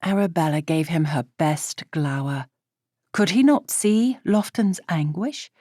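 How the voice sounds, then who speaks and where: A woman narrating a period romance audiobook in a measured storytelling manner. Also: deep voice, lively intonation, dark tone, no room sound, studio quality. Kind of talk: scripted narration.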